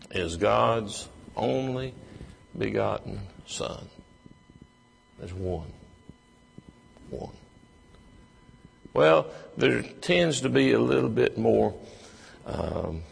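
Male preacher, deliberate and earnest, husky and gravelly, reverberant sanctuary sound. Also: lowish voice. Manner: slow, earnest storytelling with rising emphasis. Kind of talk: sermon. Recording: long hall reverb.

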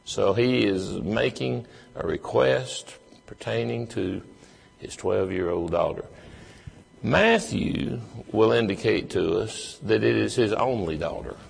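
Slow gravelly preacher. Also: male voice, fairly low pitch. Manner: slow, earnest storytelling with rising emphasis. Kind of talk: sermon. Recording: long hall reverb.

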